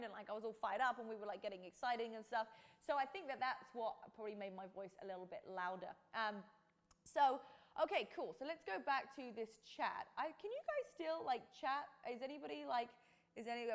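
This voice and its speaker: Animated British woman telling a story. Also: on the high side. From Britain. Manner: animated storytelling, many fillers. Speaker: fitness podcast host. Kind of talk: live-streamed motivational talk.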